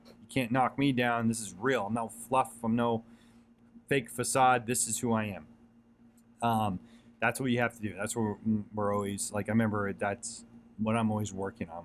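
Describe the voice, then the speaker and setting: A man with a fairly low voice speaks earnestly, giving a casual motivational talk. He circles back over his points, repeats phrases and fills gaps with "um" and "like". A faint ambient hiss sits under the recording. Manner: earnest, repetitive, many fillers and restarts.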